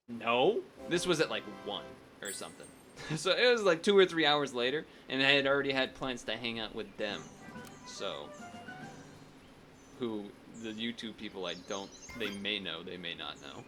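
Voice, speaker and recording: A man's voice: mid-range voice, animated, normal speed, over music. A man streaming a strategy game, chatting casually and thinking aloud, often restarting his sentences. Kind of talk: casual gameplay commentary.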